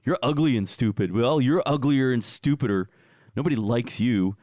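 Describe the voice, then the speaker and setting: A man's voice: mid-range voice, moderate pace, a little mellow, no echo, studio quality, lightly acted. A man voicing small, petty, masked troll-like creatures who trade whiny, childish insults. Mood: bickering.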